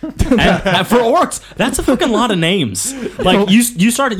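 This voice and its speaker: Joking podcast host, lively voice. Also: male voice, sits high, a little slow. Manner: rambling, joking, teasing. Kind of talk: casual podcast banter.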